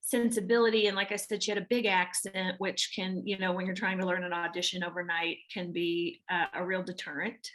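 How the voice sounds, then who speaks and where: A woman's voice: on the low side, level tone, fairly quick, hardly any pauses, fairly bright tone. A woman with a Southern American accent, an actress answering interview questions in a chatty way with many restarts and fillers. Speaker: actress guest.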